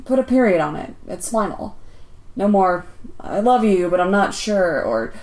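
Brief: resigned, wry man, put on by a woman narrator, soft-spoken in a roomy space. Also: mid-range voice, lively intonation, normal speed, natural voice. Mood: rueful. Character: weary, rueful grown man, photographer.

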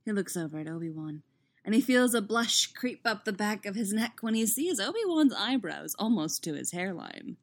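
A woman reading fan fiction aloud in a steady, expressive narration. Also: medium pitch, normal speed. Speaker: audiobook reader.

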